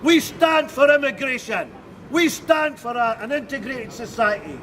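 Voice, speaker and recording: A man's voice: very high-pitched, moderate pace, fairly bright tone. A middle-aged man making a rousing, defiant speech at an outdoor counter-protest. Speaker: rally speaker. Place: outdoors on a city street. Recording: street noise and a crowd around.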